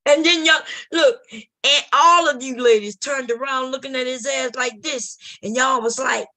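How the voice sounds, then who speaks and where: A woman streaming late at night, telling a profane comic story and acting out scenes, often loud and animated, into a computer mic. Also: high-pitched, normal speed. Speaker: comedy streamer.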